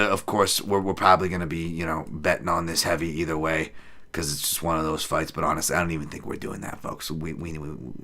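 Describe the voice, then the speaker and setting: A man hosting a casual betting podcast, profane and rambling, swinging from loud hype to low mutters. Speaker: podcast host.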